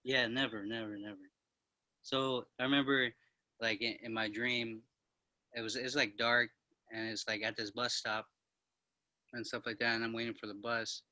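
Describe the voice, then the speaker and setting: A young man telling a dream story in a rambling, laid-back way, filling his talk with "like", and a little high. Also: level tone, normal speed, pauses often, bright, forceful tone, dry recording. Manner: rambling, full of "like", a bit high. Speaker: guest. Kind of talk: casual storytelling.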